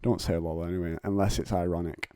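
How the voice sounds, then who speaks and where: A man's voice: low-pitched, level tone, fast, mellow, smooth, dry recording, studio quality. An English man hosting a casual solo podcast from home, rambling and digressive with self-mocking humour. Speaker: podcast host. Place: home, on a couch.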